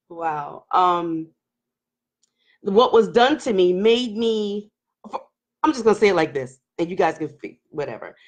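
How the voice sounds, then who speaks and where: A woman's voice: on the low side, animated, slow, pauses often. A woman in her forties hosting a candid live-stream talk, speaking emotionally and laughing nervously as she opens up. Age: 40s. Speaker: host.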